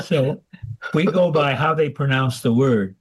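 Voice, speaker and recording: A man's voice: mid-range voice, a little slow, poor audio. A man from a haiku group, explaining syllable disputes with some hesitation. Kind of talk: casual group interview.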